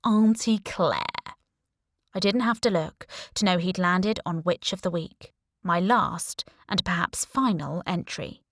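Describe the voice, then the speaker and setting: A woman's voice: lowish voice, unhurried, a bit bright, dry recording. A woman narrating a first-person audiobook in a wry, sardonic way.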